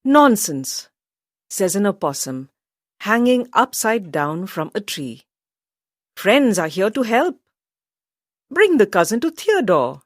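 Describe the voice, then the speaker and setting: A woman reads a children's animal story at an unhurried pace, her pitch swinging widely from line to line. Her voice sits a little low, and the sound is dry and close, with no room around it. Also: no echo. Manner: lively storyteller, voices quotes higher. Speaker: storybook narrator. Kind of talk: slow expressive story reading for children.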